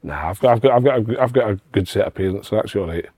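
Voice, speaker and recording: A man's voice: lowish voice, quick pace, dark tone, husky. A Scottish man co-hosting a podcast, talking football in a blunt, sweary way and often restarting his sentences. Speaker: podcast co-host, youth coach. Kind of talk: casual football chat.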